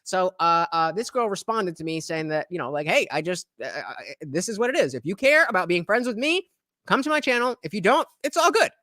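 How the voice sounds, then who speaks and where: Clean studio sound with no room echo carries a New Jersey man's high voice, moving a little fast. Hosting a livestream, he reads out chat comments and rambles in an animated way, filler after filler.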